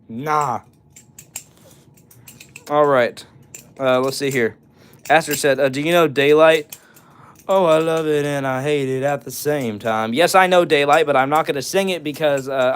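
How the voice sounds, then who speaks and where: Smooth-voiced young man chatting on a livestream. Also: mid-range voice, fairly bright tone. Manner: laid-back, answers chat and breaks into short song bits. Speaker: livestream host. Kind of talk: casual livestream chat, reading comments and singing snippets.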